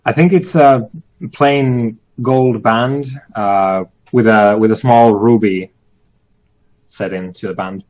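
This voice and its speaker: A man's voice: fairly low pitch, takes it slowly, a little mellow, dull audio. A man playing in a tabletop role-playing game, hesitantly describing an object as he thinks aloud. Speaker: player.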